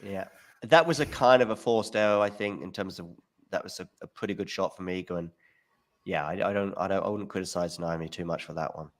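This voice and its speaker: A man with a very low, deep voice calls a tennis match as it happens. His play-by-play is relaxed and mixed with his own opinions on the points. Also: brisk. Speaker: watchalong host. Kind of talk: live match commentary.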